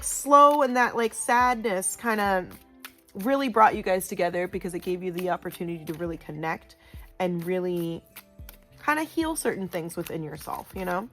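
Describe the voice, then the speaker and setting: Chatty, loud woman reading tarot cards. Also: medium pitch, moderate pace, soft background music. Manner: chatty, loud, lots of "you know" and "like". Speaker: tarot reader. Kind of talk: casual pick-a-card reading.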